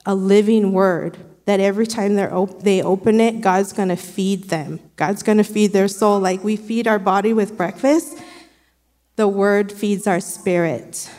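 A woman's voice: mid-range voice, steady tone, unhurried, warm tone, big-room sound. A woman sharing an earnest, conversational devotional with her church. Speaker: church speaker.

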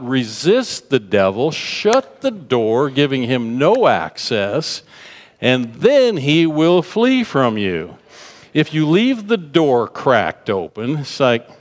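A man preaching a sermon, telling a story and acting out the people in it, repeating phrases for emphasis. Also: fairly high pitch. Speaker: pastor. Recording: long hall reverb.

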